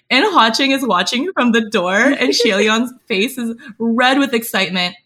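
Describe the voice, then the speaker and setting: A woman's voice: a little high, lively intonation, normal speed, a bit bright. A young woman co-hosting a podcast, recapping a novel with enthusiastic, casual commentary. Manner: enthusiastic, laughing. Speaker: podcast co-host.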